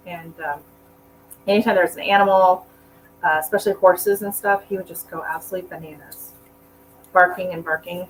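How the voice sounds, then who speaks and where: A woman's voice: on the low side, a little fast, a little hiss or hum, low-quality recording. Chatty woman potting plants on a live stream. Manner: chatty and rambling, talks to her dog between tasks. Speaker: gardening channel host. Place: at home indoors.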